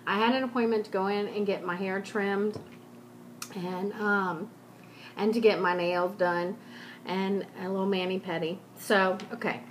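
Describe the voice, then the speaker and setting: A woman's voice: medium pitch, fairly even intonation, a little slow, a little hiss or hum. A woman vlogger chatting casually and telling a personal story in a rambling, self-deprecating way.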